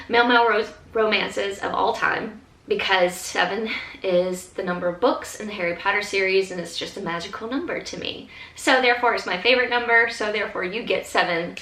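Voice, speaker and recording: A woman's voice: medium pitch, bright, forceful tone. A woman, chatting casually and rambling as a book vlogger, laughing often. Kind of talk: casual chat. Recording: echoey room.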